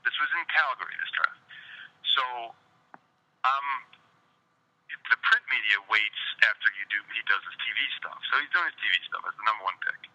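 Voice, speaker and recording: A man, a former hockey beat writer, telling stories casually as a podcast guest, animated and full of quick asides. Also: fairly low pitch, lo-fi sound. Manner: animated, quick asides, quotes others in acted snippets. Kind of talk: casual storytelling.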